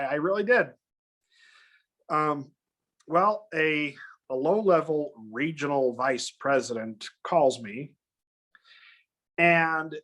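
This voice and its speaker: A man telling a long personal story in casual chat, animated and acting out other people's lines in raised voices. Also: fairly high pitch. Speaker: guest.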